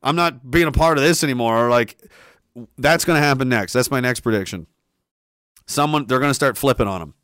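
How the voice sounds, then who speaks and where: A man's voice: medium pitch, a little fast, a bit bright, clear, resonant tone, dry recording. Heated man ranting, dry sound. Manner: heated, profane, repetitive. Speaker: livestream host. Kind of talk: ranting livestream commentary.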